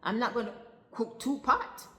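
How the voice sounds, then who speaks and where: Blunt stern older caregiver put on by a woman, higher pitched, in a roomy hall. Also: moderate pace, fairly bright tone, natural voice. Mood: exasperated. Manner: blunt, exasperated questioning. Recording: roomy hall with long reverb.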